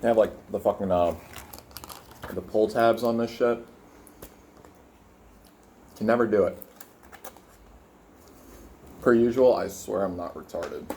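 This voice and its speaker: Low-voiced young man rambling while eating. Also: slow, pauses often, a little mellow, a little hiss or hum. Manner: rambling, profane, filler-heavy, talking while eating. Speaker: vlogger. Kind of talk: casual food vlog with rant. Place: his room indoors.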